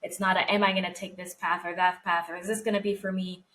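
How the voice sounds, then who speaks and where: On a casual podcast, a woman co-host speaks heartfelt and reflective about her faith, close to tears. Her voice is fairly low and slightly bright, with a level tone and a quick pace, and the recording is rough.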